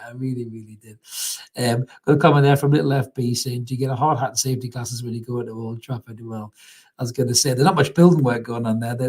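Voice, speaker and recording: A young man hosts a live football reaction stream, chatting casually, laughing often and reading out viewer comments. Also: medium pitch. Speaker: fan channel host.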